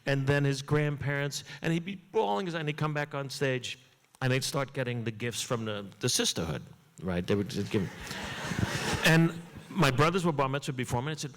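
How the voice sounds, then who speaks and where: A man telling a comic story on stage in an animated way, jumping up in pitch for punchlines. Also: a little fast. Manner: animated, swoops high for punchlines. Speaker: comedian guest. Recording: long hall reverb.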